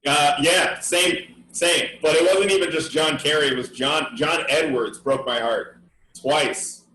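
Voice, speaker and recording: A man's voice: a little high, steady tone, measured pace, sharp tone, reverberant, a little hiss or hum, poor audio. A young man co-hosting a casual comedy podcast chat, laughing often and swearing casually. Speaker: podcast co-host.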